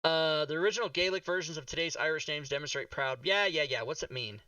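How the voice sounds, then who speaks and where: A man's voice: fairly high pitch, fast, no room sound, far from the mic, lo-fi sound. A middle-aged man streaming, chatting casually and joking with lots of swearing. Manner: joking, swears, lively comic asides. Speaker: streamer and game master.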